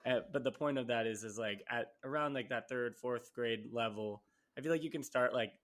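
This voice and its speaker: A man's voice: medium pitch, moderate pace. Young man co-hosting, loose and chatty. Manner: relaxed, rambling, many fillers. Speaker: podcast co-host. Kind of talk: casual interview conversation.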